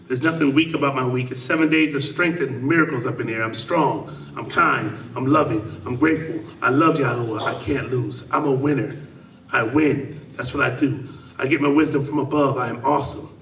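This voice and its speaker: A man's voice: mid-range voice, a little fast, fairly bright tone, slight background noise. A middle-aged man performing spoken word poetry with rhythmic, repetitive, playful affirmations. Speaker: performance poet. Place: club meeting room. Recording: echoey room, mic at a distance.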